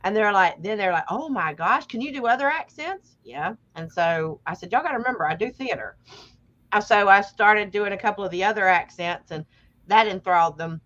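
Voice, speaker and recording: A woman's voice: medium pitch, fairly quick, a bit bright. Live co-host: woman, medium voice, frank and rambling, dull lo-fi recording. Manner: chatty and candid, with frequent fillers. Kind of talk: casual chat.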